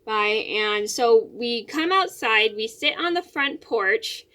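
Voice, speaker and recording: A young woman with a bright, sharp voice pitched a little high tells a story to camera from her bedroom. She rambles, repeats words and restarts phrases, with plenty of fillers as she goes. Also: lively intonation, slow pace. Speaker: vlogger.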